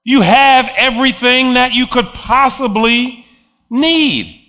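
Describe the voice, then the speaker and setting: A man's voice: very high voice, lively intonation, slow pace, pushed and bright. A man preaching a sermon, emphatic, repeating phrases and chuckling between points.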